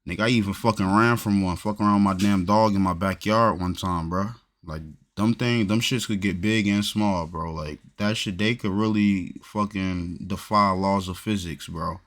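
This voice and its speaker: A man's voice: low-pitched, steady tone, normal speed, hardly any pauses. A man from New Jersey in casual chat, telling a loose, profane story with lots of slang.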